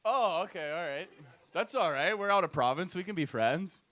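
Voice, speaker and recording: A man's voice: high voice, lively intonation, normal speed, pushed and bright. A young man from Alberta doing loose, slangy stand-up crowd work as host of a comedy night. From Edmonton, Alberta, Canada. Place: comedy club stage with audience.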